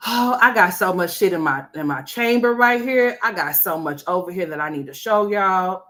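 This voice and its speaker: A woman's voice: fairly low pitch, lively intonation, normal speed, pushed and bright. A woman hosting a gossip commentary livestream, brash and profane, rambling and talking straight to her viewers. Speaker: commentary host.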